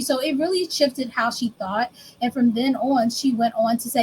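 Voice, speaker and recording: Animated, fairly high-voiced woman coach. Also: normal speed, a little hiss or hum, poor audio. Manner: animated, conversational, acts out client dialogue. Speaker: business coach and speaker. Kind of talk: recorded workshop presentation.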